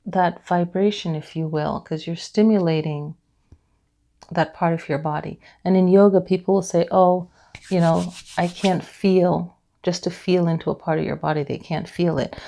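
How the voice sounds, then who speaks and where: A woman leading a guided tapping class, explaining gently and then repeating soft affirmations for listeners to follow. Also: lowish voice, vocal fry. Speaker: EFT tapping instructor.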